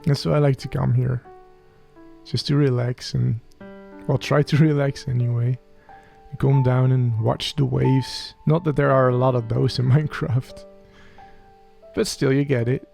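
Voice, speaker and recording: Gravelly soft-spoken man narrating a game. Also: medium pitch, steady tone, unhurried, pauses often, faint music behind. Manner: soft, earnest in-character musing, talking to a game creature. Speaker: let's play host. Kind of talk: role-played Minecraft let's play narration.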